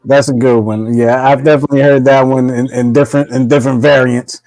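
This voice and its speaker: A man hosting a podcast interview, relaxed and asking long, winding questions. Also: medium pitch, no room sound, low-quality recording. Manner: relaxed, asks drawn-out questions. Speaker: podcast host. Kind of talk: casual interview.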